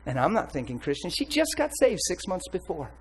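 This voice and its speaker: A man preaching a candid, blunt personal testimony with animated storytelling. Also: high-pitched, a little fast, slightly rough, low-quality recording. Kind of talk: sermon testimony.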